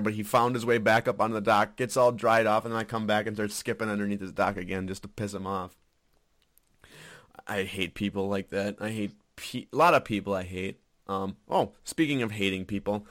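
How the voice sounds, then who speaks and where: A man telling stories in casual chat, profane and animated, often laughing. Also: on the low side, dry recording, studio quality. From Wisconsin.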